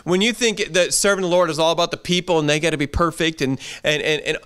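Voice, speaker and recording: A man's voice: fairly high pitch, quick pace, fairly bright tone, smooth. A pastor giving an earnest, conversational sermon in a church, often repeating his phrases.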